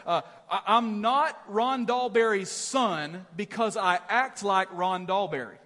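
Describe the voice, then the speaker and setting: A middle-aged man preaching a sermon as pastor, telling stories in an animated, self-deprecating way with many "right?" asides. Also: sits high, big-room sound. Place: large church auditorium.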